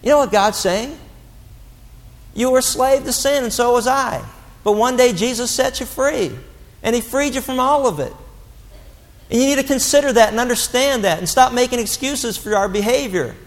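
Male pastor with a high voice, preaching bluntly and animatedly in a reverberant church hall. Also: normal speed. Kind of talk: sermon.

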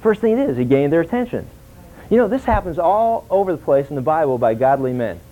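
A man teaching a Bible class in an animated sermon style, acting out dialogue and asking his listeners questions. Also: on the high side, a little fast. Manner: animated, acts out dialogue, asks the audience questions. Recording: tinny phone-like lo-fi recording.

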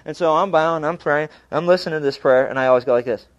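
A man preaching a sermon, telling humorous stories in an animated way. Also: fairly high pitch, fast, dull audio.

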